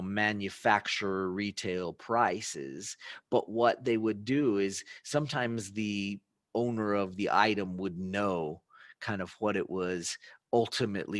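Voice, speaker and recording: Lowish-voiced man telling a story. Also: dry recording, clean studio sound. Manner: animated storytelling, acts out buyer and seller dialogue; frequent fillers and restarts, conversational asides. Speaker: podcast host. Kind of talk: casual solo talk.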